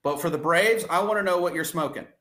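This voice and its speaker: Exasperated sports podcast guy, bright and echoey. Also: a little high, fast talker. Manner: heated, exasperated ranting with many restarts. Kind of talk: casual sports chat.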